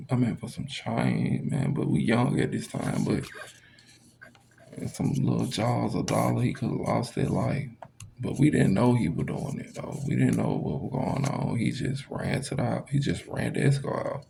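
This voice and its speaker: A young man spins a story from his past in an unhurried drawl. His voice is heavily gravelly and dark, and his pitch swings widely as he talks, with curses and a steady stream of "man" in his casual storytelling. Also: a little hiss or hum. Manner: laid-back, profane, peppered with "man".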